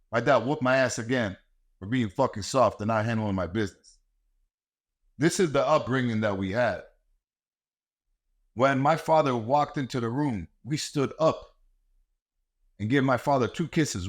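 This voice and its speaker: A middle-aged man hosting a podcast, talking in a blunt, heated and profane monologue about raising kids. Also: medium pitch. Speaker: podcast host and martial arts coach. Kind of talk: ranting monologue.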